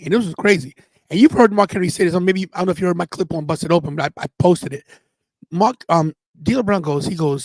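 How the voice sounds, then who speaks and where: A man in his fifties chats on a podcast in a fairly high voice. He tells stories with animation and slips into the voices of the people he quotes. The sound is dry and close. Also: fast, vocal fry, no echo. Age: 50s. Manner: animated storyteller quoting others in their voices. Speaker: podcast co-host. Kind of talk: casual storytelling chat.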